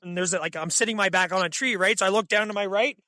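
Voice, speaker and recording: A young man telling hunting stories as a podcast guest, in an excitable, animated way full of fillers. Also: high-pitched, fast talker, no echo. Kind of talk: casual storytelling.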